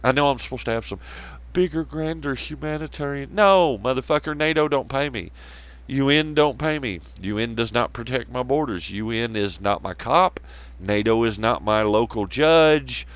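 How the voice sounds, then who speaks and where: A man's voice: mid-range voice, a bit bright, smooth. A man hosting a podcast, ranting casually and sarcastically, swearing constantly and laughing at his own jokes. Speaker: podcast host. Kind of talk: profane casual rant.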